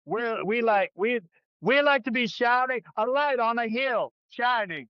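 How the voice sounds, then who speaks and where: A man's voice: extremely high pitch, animated, unhurried, clean tone, no echo, highs cut off. A man hosting a comedy podcast, riffing through absurd improvised jokes. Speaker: podcast host. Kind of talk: casual comedic chat.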